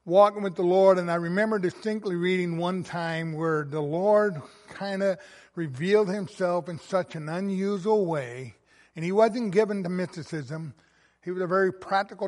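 A man preaching a sermon, reading scripture and stressing words with rising passion, swinging between soft and loud. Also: high voice. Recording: long reverb of a hall.

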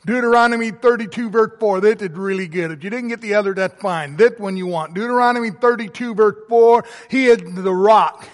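A man's voice: high voice, a little fast, few pauses, long reverb tail. A male pastor preaching a sermon with emphatic, rising and falling delivery. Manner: emphatic preaching, swelling to loud emphasis then dropping soft.

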